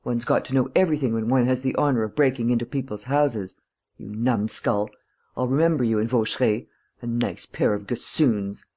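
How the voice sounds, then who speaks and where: A woman voicing a sharp-tongued, commanding gentleman thief. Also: a bass voice. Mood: brisk scolding. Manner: brisk, scolding, peremptory.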